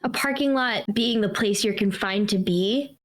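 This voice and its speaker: A woman's voice: medium pitch, normal speed. A young woman guest chatting casually on a stream, giggly and a little hesitant. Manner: giggly, hesitant, self-conscious. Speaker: guest co-host. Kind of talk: casual reaction chat.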